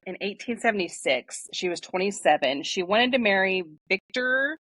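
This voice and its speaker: A woman's voice: mid-range voice, expressive, normal speed, a bit bright, slightly rough. A woman co-hosting a podcast, telling a story in a loose, informal way with plenty of fillers. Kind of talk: casual podcast chat.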